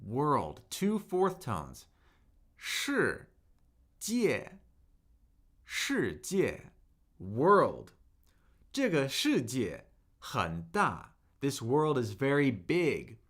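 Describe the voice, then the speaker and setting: Upbeat slow-talking man teaching. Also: medium pitch, very animated, fairly bright tone. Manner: upbeat, talks to chat viewers, repeats words slowly. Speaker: Mandarin teacher. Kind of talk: live-streamed language lesson.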